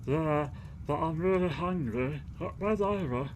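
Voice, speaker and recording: A man's voice: on the high side, a little slow, a little hiss or hum, voice pushed up, close to an everyday voice. A man voicing a small, hungry village boy with a whiny, childlike way of talking. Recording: game music underneath.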